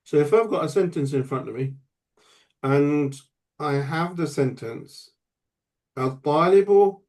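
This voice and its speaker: A man's voice: a little high, a little mellow. A man teaching an online grammar lesson, explaining patiently step by step and checking in with his student. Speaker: Arabic teacher.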